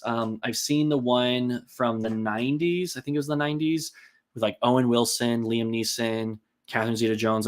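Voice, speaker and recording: A man hosting a casual live-stream, rambling and chatty with many ums and likes as he reads out and answers viewer comments. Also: mid-range voice.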